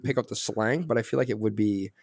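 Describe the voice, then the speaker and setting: A man's voice: fairly low pitch, fast, darkish tone, no echo. A man co-hosting a podcast in casual chat, hesitant and full of restarts. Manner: hesitant, restarts a lot, mild and reasonable. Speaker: podcast co-host.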